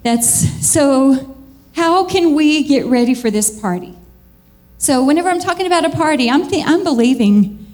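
High-voiced animated woman preacher. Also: moderate pace. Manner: chatty and animated, laughing often, bursting into high excited squeals. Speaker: church speaker. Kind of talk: lively church sermon.

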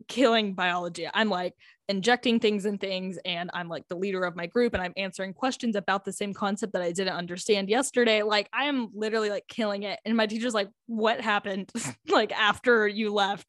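A woman's voice: medium pitch, a bit bright, no echo, studio quality. An eighteen-year-old woman telling a casual storytime vlog, chatty and full of fillers, laughing often as she talks. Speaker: high school student.

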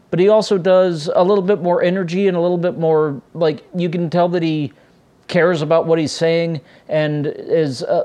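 A man's voice: a little high, darkish tone. A man hosting a casual solo podcast, rambling and correcting himself with many filler sounds. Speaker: podcast host.

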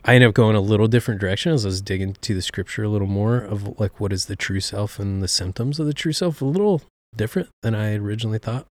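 Man, pastor, low voice, dry close mic, relaxed reflective talk. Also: fast, hardly any pauses, no room sound. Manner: reflective, relaxed, many fillers. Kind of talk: casual chat.

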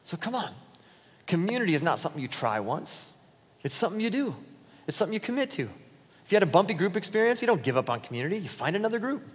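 Pastor preaching in a ringing hall. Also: male voice, sits high, sing-song, husky. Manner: conversational, acts out quick dialogues in his talk. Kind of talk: sermon. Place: church auditorium.

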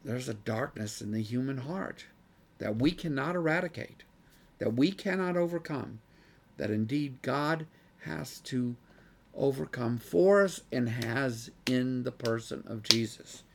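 Gravelly man teaching a Bible class. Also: medium pitch, animated, unhurried. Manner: earnest, gets worked up. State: losing his voice. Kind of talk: Bible study lesson.

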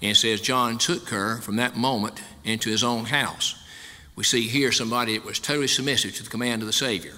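Pastor, male, conversational sermon delivery, bright forceful tone, reverberant church hall. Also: mid-range voice, steady tone, brisk. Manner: folksy, conversational preaching.

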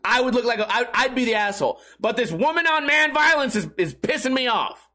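A man's voice: extremely high pitch, expressive, fairly quick, pushed and bright. A man hosting a casual live-streamed podcast, rambling, profane and self-mocking. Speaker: podcast host.

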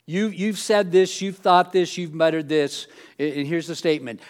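A man preaching a sermon in an auditorium, talking conversationally with many fillers and restarts and getting animated when mimicking people. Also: a little high, moderate pace. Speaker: pastor.

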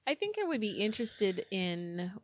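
A woman's voice: mid-range voice, big pitch swings, normal speed, dry recording. Hesitant woman in a dry close recording. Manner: hesitant, restarts often. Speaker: book club member. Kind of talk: casual chat.

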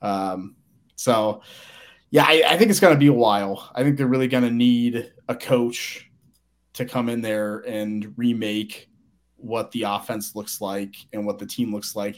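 A man co-hosting a sports podcast, talking quickly and eagerly in casual chat, often restarting his sentences. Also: lowish voice. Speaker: podcast co-host.

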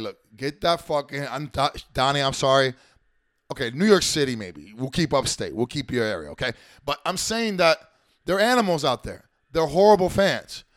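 A man's voice: fairly high pitch, fairly bright tone, no room sound, clean studio sound. A man hosting his show, talking in an emphatic, rambling way full of swearing and restarted sentences. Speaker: show host. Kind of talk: profane rambling commentary.

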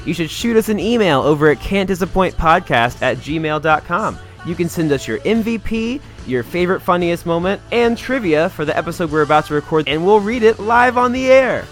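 A man's voice: sits high, lively intonation, brisk, hardly any pauses, faint music behind. A man co-hosting a podcast, joking around in casual banter. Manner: jokey, playful. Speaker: podcast co-host.

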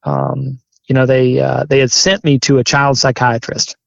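A man who is a firefighter and chaplain, telling his story candidly in an interview, earnest and halting, growing emphatic. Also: mid-range voice, flat delivery, creaky, no room sound, muffled recording. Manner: earnest, halting restarts, grows forceful and emphatic.

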